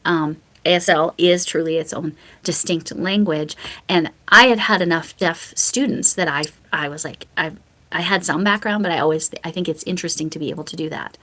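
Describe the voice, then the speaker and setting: A woman's voice: fairly low pitch, a little fast, bright, forceful tone. A woman guest in a casual video interview, chatting in a friendly way and laughing between points. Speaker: interview guest, fellow creator.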